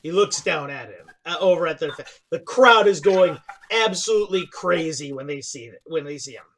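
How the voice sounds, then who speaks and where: A man's voice: on the high side, lively intonation, a bit bright. A man narrating as game master of a tabletop game, restarting his sentences often. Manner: halting narration with many restarts, laughs often. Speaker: dungeon master.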